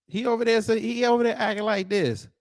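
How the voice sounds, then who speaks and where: A man's voice: sits high, steady tone, quick pace. A man from the United States giving a reaction commentary, incredulous and mocking as he talks. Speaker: YouTube commentator.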